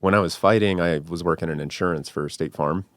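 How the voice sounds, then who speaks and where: A man's voice: sits low, a little fast, no room sound. A man from Colorado, a podcast guest, chatting in an easygoing way and swearing casually. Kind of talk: casual chat.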